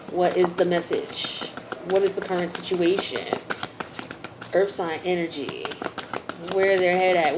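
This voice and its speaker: A woman's voice: lowish voice, noisy background. A woman giving a casual tarot reading in a chatty, slang-filled way. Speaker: tarot reader.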